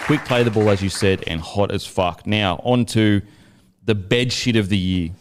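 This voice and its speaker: A man co-hosting a crude comedic sports podcast, presenting awards and reading nominees out slowly. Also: fairly low pitch, some chatter behind. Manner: slow, announcer-like when reading nominees.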